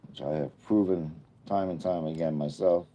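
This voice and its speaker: A man's voice: deep voice, fairly even intonation, normal speed, dark tone. A man in his fifties chatting casually on a livestream, rambling through jokey asides as he reads and answers comments. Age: 50s. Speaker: livestream host.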